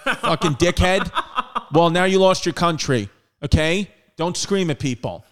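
Smooth voiced guy hosting a comedy podcast, rambly, swears a lot, says like constantly. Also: on the high side, lively intonation, moderate pace. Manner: rambling, profane, filler-heavy. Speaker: podcast host. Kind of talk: casual comedic podcast chat.

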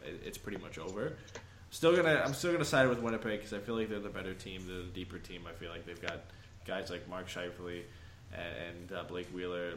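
Lowish-voiced man in an echoey room. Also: a bit bright, slight background noise. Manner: thoughtful, hedging, laughs between points. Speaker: podcast co-host. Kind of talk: casual sports talk.

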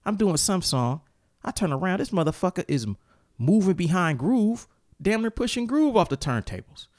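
Animated, profane man ranting. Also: high voice, normal speed, no echo, studio quality. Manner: profane, animated storytelling with heated outbursts. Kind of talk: casual ranting chat.

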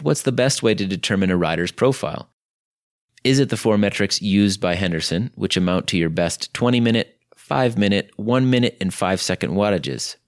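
A man hosting a podcast, reading a scripted intro while ill and losing his voice, so his voice sounds deep and gravelly. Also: no echo, studio quality. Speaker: podcast host.

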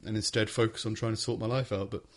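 A man's voice: lowish voice, flat delivery, fast. A man hosting a casual podcast chat, rambling, laughing and swearing freely. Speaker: podcast host.

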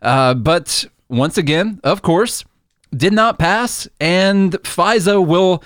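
A man's voice: sits high, slow pace, a bit bright, no room sound. A man co-hosting political commentary with a slightly raised voice. He sounds earnest and exasperated, recorded dry and close. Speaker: podcast co-host.

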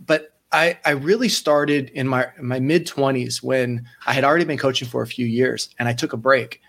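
A man's voice: mid-range voice, moderate pace, vocal fry. A man in his thirties, a sports psychology coach, telling stories in a casual interview and acting out the people he quotes. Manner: animated, acts out quoted voices, frequent restarts.

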